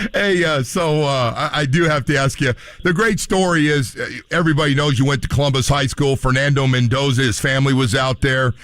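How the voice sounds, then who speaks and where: A man's voice: mid-range voice, moderate pace, fairly bright tone, dry recording. A man hosting a radio show, asking long rambling questions full of fillers. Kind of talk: radio interview.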